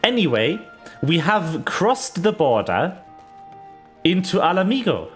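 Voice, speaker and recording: Vtuber rambling slow and chatty over a game, voice jumps up and down a lot, bit of game music under it. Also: mid-range voice, very animated. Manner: rambling, chatty, with laughs and fillers. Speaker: VTuber streamer. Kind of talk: casual game stream commentary.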